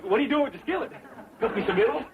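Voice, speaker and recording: A man's voice: very high voice, expressive, very fast, very noisy. An actor playing an eager, boastful young hillbilly man in a 1960s sitcom, with a Southern rural accent. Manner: eager, cocky, folksy. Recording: dull old TV audio, loud laugh track.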